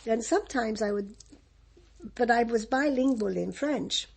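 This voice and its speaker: A woman's voice: a little high, unhurried, gravelly, husky. An older woman from Egypt with an English accent, reminiscing in an interview, rambling and laughing often with many restarts.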